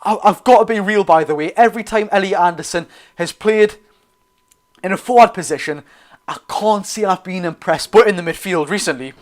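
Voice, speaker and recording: A young man with a Geordie accent talks viewers through a live match in a loose, chatty way, often correcting himself and calling out to the lads. His voice sits a little above the usual male pitch. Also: fairly quick. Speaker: football watchalong host. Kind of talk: live match commentary and chat.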